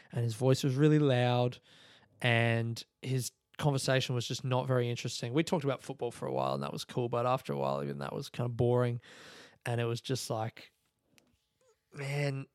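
A man's voice: medium pitch, darkish tone, smooth, no room sound, clean studio sound. A man hosting a podcast, telling a story in a casual monologue, swearing a lot and laughing as he talks. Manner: swearing, storytelling, quotes others in voices; laughs through his stories. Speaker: podcast host.

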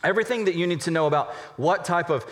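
A young adult man, a college pastor, preaching a sermon in a conversational, animated way, acting out little asides. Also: high voice, quick pace. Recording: reverberant hall.

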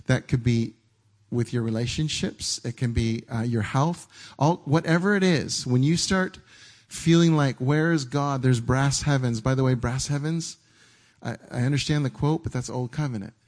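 On a church stage, a man with a medium-pitched voice preaches at a normal speed in a casual, conversational way. He is animated, repeats himself often, stumbles into restarts, and acts out his own inner dialogue.

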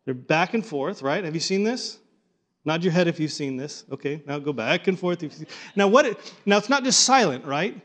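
Male Bible teacher, slightly high voice, animated and repetitive, pulls the group in. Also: moderate pace. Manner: animated, repeats and restarts words, coaxes the group to join in. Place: room with a live group.

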